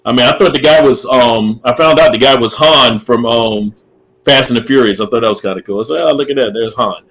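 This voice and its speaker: A man's voice: medium pitch, fairly quick, a bit bright, low-quality recording. A middle-aged man co-hosting a casual podcast chat, opinionated, repeating himself and laughing often. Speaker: podcast co-host.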